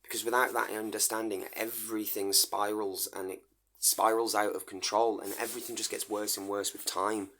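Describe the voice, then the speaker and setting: A middle-aged man talking earnestly in a personal vlog monologue, halting and restarting often. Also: fairly low pitch, level tone, sharp tone. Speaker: vlogger.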